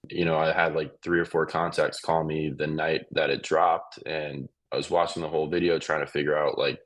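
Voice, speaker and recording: A man's voice: very deep voice, little pitch movement, a little fast. A man answering an interview question, subdued and hesitant.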